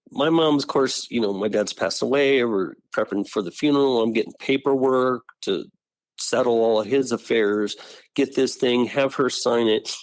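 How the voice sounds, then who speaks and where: A middle-aged man tells his family story in a close, dry recording. He talks animatedly and keeps voicing what relatives said, with his pitch jumping high for their lines. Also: dry recording. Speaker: guest telling his story. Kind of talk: personal storytelling interview.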